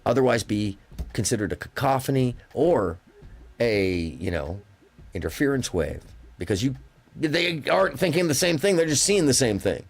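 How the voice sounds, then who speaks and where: His mid-range voice is creaky and sing-song, moving at a normal speed. This man runs a live call-in stream, drifting from story to story in an emphatic, rambling manner during relaxed conversation.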